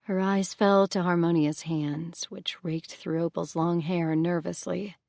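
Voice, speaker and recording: A woman narrating an audiobook in a calm, measured way. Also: on the low side, gravelly, dry recording, clean studio sound. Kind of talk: scripted narration.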